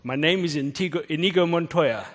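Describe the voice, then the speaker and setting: A man voicing a vengeful Spanish swordsman with a put-on Spanish accent, declaiming loudly. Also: on the high side, fairly quick, in a large hall, close to an everyday voice. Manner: loud, declaiming.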